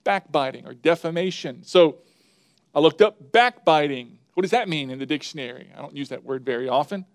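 A man's voice: fairly high pitch, lively intonation, a little fast, no echo, clean studio sound. A man preaching a sermon as a pastor, stressing and repeating his key words as he works through a numbered list. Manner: emphatic, repeats key words and lists points.

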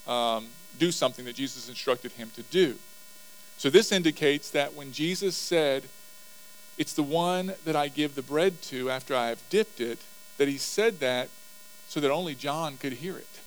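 A man's voice: mid-range voice, a little hiss or hum, low-quality recording. A man teaching a Bible passage verse by verse, reading aloud and explaining it in a conversational way. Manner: explanatory, reads verses aloud then comments, occasional chuckles.

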